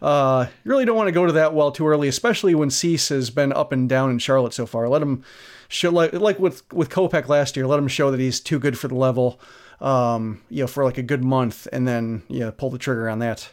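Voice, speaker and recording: A man's voice: mid-range voice, a little fast. A man co-hosting a casual sports talk show, giving analysis in a rambling way with many restarts and fillers. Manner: rambling, lots of "you know" and restarts.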